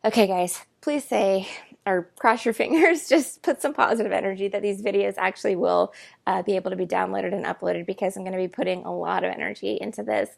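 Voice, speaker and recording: Gravelly-voiced woman giving a chatty tarot reading. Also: medium pitch, steady tone, a little fast. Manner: chatty, rambling, many fillers. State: tearful, emotional at times. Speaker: tarot reader. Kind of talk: casual spoken tarot reading. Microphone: earbuds microphone.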